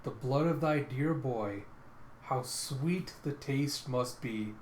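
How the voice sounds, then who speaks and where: A guy reading as a brooding vampire lord, slow, solemn, old-timey talk, echoey room, light hiss. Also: medium pitch, lightly acted. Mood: tender. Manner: slow, grave, old-fashioned diction. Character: brooding male vampire lord, archaic speech. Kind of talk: dramatic comic readthrough.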